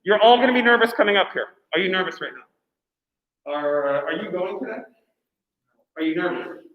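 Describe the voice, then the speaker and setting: Man teaching, high voice, chatty and encouraging, echoey classroom. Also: moderate pace, phone-quality sound. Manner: chatty, encouraging, filler-heavy. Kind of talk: classroom instructions.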